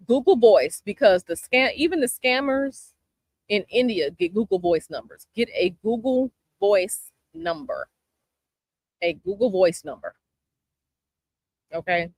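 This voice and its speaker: Woman from Chicago, casual vlog chat, sassy, emphatic, dry close sound, mid pitch. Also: expressive, unhurried, pauses often, no room sound. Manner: chatty, sassy, repeats advice emphatically. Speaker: tarot channel host. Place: outdoors by a palm tree, planes overhead.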